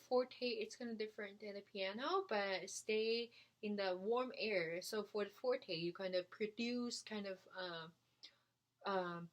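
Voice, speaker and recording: Slow, hesitant woman flute teacher. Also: on the high side. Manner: slow, hesitant, many fillers. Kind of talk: beginner music lesson.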